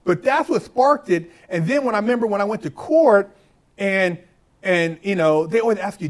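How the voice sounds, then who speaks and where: A man with a high voice talks as a guest in a casual conversation. His stories are animated and full of swearing. He jumps into other people's lines as he tells them. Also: moderate pace. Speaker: podcast guest.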